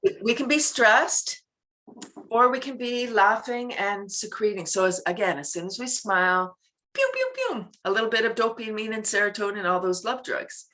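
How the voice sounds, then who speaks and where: Woman, middle-aged, guest in casual interview, animated storyteller, laughs often, bright tone. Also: normal speed. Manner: animated, acts out scenes with sudden high-pitched voices and bursts of laughter. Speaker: laughter club founder, guest.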